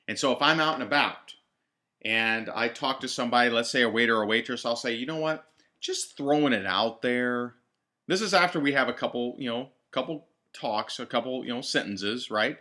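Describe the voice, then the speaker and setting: Brief: male trainer, bright tone, direct coaching delivery, repeats key lines for emphasis. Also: mid-range voice. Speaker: network marketing trainer. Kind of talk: team training talk.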